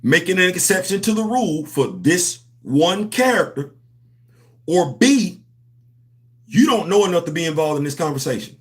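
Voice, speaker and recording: Animated high-voiced man ranting on a livestream. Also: normal speed. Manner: animated, preachy, slangy, addresses chat directly. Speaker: host of a comics livestream. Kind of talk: casual livestream commentary.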